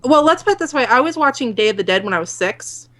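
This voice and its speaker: A woman's voice: on the high side, lively intonation, quick pace, a bit bright. A woman on a podcast, telling stories in an easygoing way. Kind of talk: casual chat.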